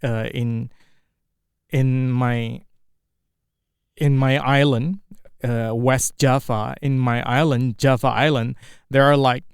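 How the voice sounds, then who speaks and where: Halting Indonesian man practicing English. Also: mid-range voice, fairly even intonation, gravelly, clean tone, dry recording, clean studio sound. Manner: halting, self-correcting, searching for words. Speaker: English learner. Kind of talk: solo speaking practice.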